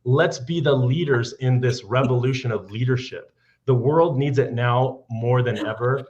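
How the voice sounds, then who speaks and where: A man's voice: mid-range voice, normal speed, darkish tone. A man giving an earnest, rousing motivational speech to his team on a business call. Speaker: company leader on a business call. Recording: dull archived call audio.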